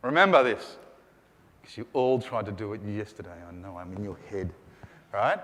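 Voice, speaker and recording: A man's voice: fairly low pitch, moderate pace, big-room sound. A man teaching Greek grammar in a lecture, drilling his students with call and response. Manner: energetic, call-and-response drilling, rising to shouts. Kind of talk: classroom lecture. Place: lecture room.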